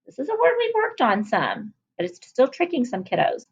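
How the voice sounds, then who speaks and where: A woman teacher leading a phonics lesson for young children, cheerfully sounding out letters and words slowly. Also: high-pitched, wildly swooping pitch, highs cut off. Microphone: recorded at a whiteboard.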